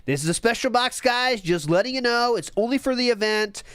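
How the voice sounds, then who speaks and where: A man's voice: lively intonation, a little fast, fairly bright tone, smooth, no echo. A man putting on a mocking voice of a male streamer hyping pricey card packs in a salesy tone. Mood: mock hype. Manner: mock-salesy, raised pitch.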